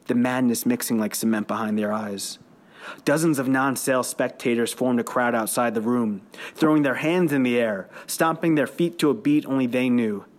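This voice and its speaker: Author narrating his own story, dry and wry. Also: mid-range voice. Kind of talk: reading his own fiction aloud.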